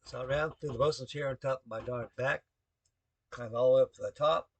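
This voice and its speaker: A man's voice: mid-range voice, a little fast, no room sound. An older man, a navy veteran, rambling through a spoken story to the camera with folksy, salty talk full of shipboard jargon.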